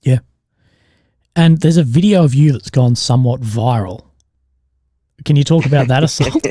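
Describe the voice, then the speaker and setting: A man's voice: medium pitch, moderate pace, mellow, dry recording, clean studio sound. An Australian man hosting a podcast interview, chatty and casual, swearing and laughing easily. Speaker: podcast host.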